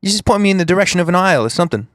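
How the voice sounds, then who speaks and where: A man's voice: high-pitched, lively intonation, fairly bright tone, no room sound, pitched above the performer's own voice. A man voicing a young British exchange student shopping for shoes, with a put-on British accent that drifts toward Australian. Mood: pushy. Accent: put-on British slipping into Australian. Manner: brisk, impatient.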